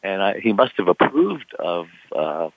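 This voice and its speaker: A man's voice: low voice, sing-song, a little slow, no room sound. An older man telling a long personal story, rambling with lots of fillers and acting out the voices of people in it. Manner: rambling, with many "you know" fillers, acts out quoted voices. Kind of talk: casual storytelling. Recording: tinny phone line, dry.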